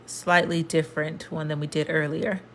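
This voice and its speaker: Low-voiced woman teaching a language lesson. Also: little pitch movement, moderate pace, fairly bright tone, a little hiss or hum. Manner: explains patiently, repeats points, talks to the viewer. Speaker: Spanish teacher.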